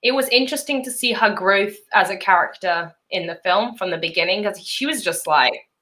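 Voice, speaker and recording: Bright-voiced chatty woman host. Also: a little fast. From Europe. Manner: chatty, laughing, animated pitch jumps. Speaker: YouTube host. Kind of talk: casual chat.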